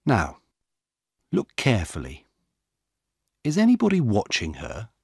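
A man voicing Dan, a calm, firm male police officer, in a plain matter-of-fact way. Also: on the low side, unhurried, husky, dry recording, studio quality, heavily acted.

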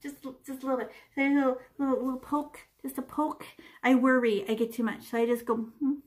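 A woman with a fairly high voice leads young children through a painting lesson. She keeps it chatty and playful and breaks into little sound effects and silly voices as she demonstrates. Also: level tone, fairly quick. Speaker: art teacher.

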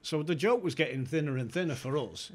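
A man, an animated storyteller who laughs between lines while chatting on a podcast. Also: on the high side, fairly quick. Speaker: podcast guest. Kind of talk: casual chat.

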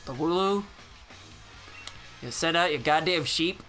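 A man's voice: fairly high pitch, a little slow, bright, forceful tone, soft background music. A man giving casual, sarcastic gameplay commentary, swearing freely. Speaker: gameplay channel host.

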